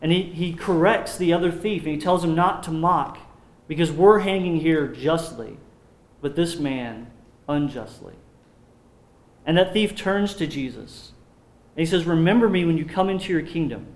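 Man preaching in an echoey room. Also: fairly high pitch. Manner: slows down to read scripture aloud. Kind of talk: sermon.

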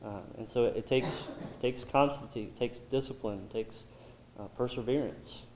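A man's voice: mid-range voice, moderate pace, darkish tone, a little hiss or hum. A man leading a Bible study group, thoughtful and full of ums and restarts. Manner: thoughtful, many um fillers and restarts. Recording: roomy echo.

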